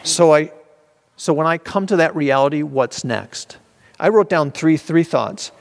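A man's voice: fairly high pitch, lively intonation, a little slow, gravelly. Man leading a casual Bible study. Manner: conversational, restarts, acts out inner voices. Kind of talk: informal teaching.

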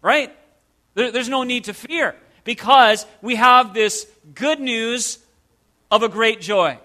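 A man's voice: very high voice, slow pace, bright, forceful tone. A man preaching a sermon as pastor, stressing single words and asking the listeners rhetorical questions.

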